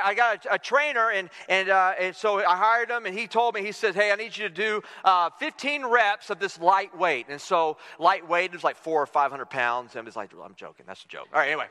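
Bright high-pitched guy in his 40s preaching, acts out the quotes, big echoey church. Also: fairly quick, smooth. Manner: animated storytelling, acting out quotes with big pitch swings. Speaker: pastor. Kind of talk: sermon. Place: church sanctuary.

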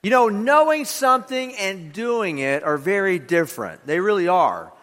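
A man's voice: high-pitched, sing-song, moderate pace, fairly bright tone, in a large hall. A man preaching a sermon to his congregation, who leads them in repeating key lines aloud. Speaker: pastor. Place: church sanctuary.

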